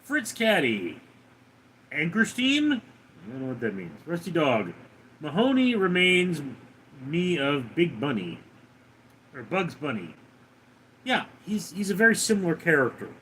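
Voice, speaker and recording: A slow, deadpan man reads his livestream chat aloud and tosses back dry replies. His voice sits a little high for a man and swings widely in pitch. A faint hiss runs under the recording. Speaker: livestream host reading chat. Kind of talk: casual chat reading comments aloud.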